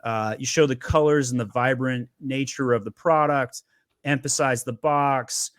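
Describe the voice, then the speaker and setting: Energetic man explaining on a dry call. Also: mid-range voice, a little slow, no echo. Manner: energetic, emphatic, repeats words when starting. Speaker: agency founder sharing Amazon selling advice. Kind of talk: webinar conversation.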